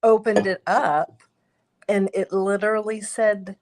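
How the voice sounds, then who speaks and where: A plainspoken woman co-hosting a relaxed live stream, chatting in an easy, everyday way. She drops swear words without any fuss. Her voice sits in an ordinary middle range. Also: mid-range voice, a little slow, background noise. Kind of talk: casual live stream chat.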